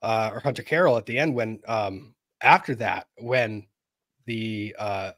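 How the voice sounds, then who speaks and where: A man's voice: on the low side, unhurried, fairly bright tone, dry recording. A man hosting an interview, retelling a story in a rambling, chatty way and laughing as he talks. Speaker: interview host. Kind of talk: conversational interview.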